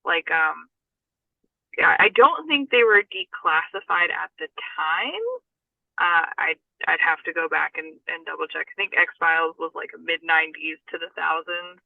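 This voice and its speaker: A woman's voice: low-pitched, moderate pace, creaky, no room sound. A woman talking as a guest about paranormal research, chatty, with frequent laughs and fillers. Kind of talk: casual conversation. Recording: tinny phone-line audio.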